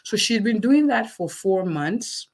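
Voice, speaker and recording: A woman's voice: medium pitch, lively intonation, measured pace. A woman physician answering interview questions, encouraging and checking in with listeners, often repeating words for emphasis. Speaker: physician guest.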